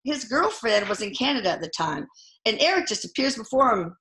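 A middle-aged woman telling personal stories in a casual interview, halting often with fillers and restarts. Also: a little high, very animated, a bit bright, slight background noise. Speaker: guest. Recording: echoey room.

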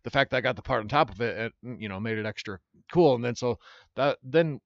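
A man, a comedian guest, telling stories in a casual, rambling, animated way with lots of fillers. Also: mid-range voice, quick pace, vocal fry, no echo, dull audio. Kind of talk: casual storytelling chat.

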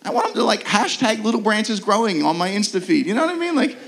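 A man preaching a sermon as pastor, earnest, with rhetorical questions and quick repeated restarts. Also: high-pitched, animated, gravelly, fairly bright tone.

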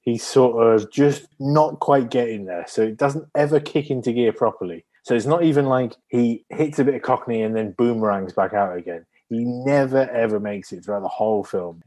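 A man's voice: fairly low pitch, moderate pace, few pauses, a little mellow. A man co-hosting a podcast in casual chat, with a dry, wry, playful way of talking. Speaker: podcast co-host guessing film accents.

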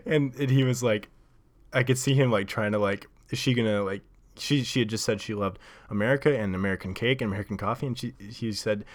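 A man's voice: lowish voice, fast. A man hosting a podcast, telling a casual story in a rambling, filler-heavy way and laughing often. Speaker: podcast host.

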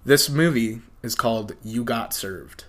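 A man co-hosting a podcast in casual chat, animated, laughing often and quoting movie lines. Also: mid-range voice, a little slow. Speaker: podcast co-host.

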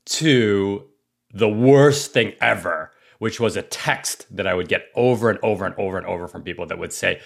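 A man in his thirties hosting a podcast, telling stories in an animated way with frequent restarts. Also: fairly low pitch, moderate pace, creaky. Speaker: podcast host. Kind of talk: casual podcast conversation.

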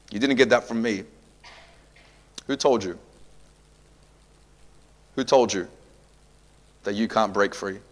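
Male pastor, sermon delivery, rhetorical questioning, wide swings between quiet and loud. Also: lowish voice.

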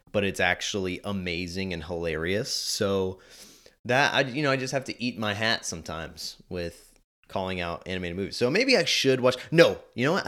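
A podcast host with a lowish voice chats casually and tangents freely. His pitch jumps around a lot as he talks. He often stops to correct himself mid-sentence. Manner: animated, rambling, self-correcting. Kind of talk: casual chat.

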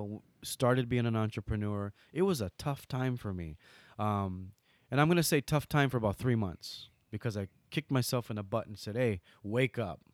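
A fairly low-pitched voice on a dry recording belongs to a middle-aged Hawaiian man. Guesting in an interview, he tells casual stories in an animated way, acting out quoted dialogue.

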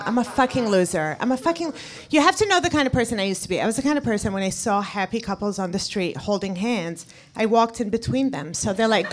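A woman's voice: mid-range voice, slight background noise. A woman for whom English is not a first language, telling self-mocking stories in a live comedy double act on a stage mic. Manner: self-mocking, punchy storytelling. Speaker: stand-up comedian.

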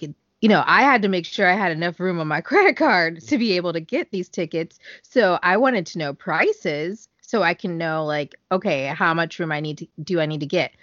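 A chatty woman co-hosting a casual podcast, often breaking into laughter. Her voice sits a bit low for a woman. The audio is dry and a little dull. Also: animated, normal speed, few pauses, fairly bright tone, no room sound. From United States. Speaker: podcast co-host. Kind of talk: casual chat.

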